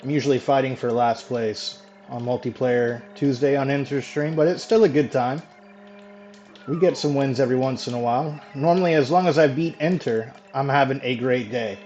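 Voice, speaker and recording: Man, casual live-stream chatter, easy swearing, mid pitch, dull lo-fi sound. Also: normal speed, a little mellow, a little hiss or hum. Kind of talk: casual live gameplay chat. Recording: dull lo-fi mic with faint music.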